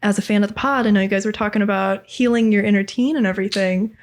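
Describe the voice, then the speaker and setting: A woman's voice: medium pitch, steady tone, fast. A young adult woman chatting as a podcast guest, candid and casual, swearing now and then with many fillers of "like". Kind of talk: casual chat.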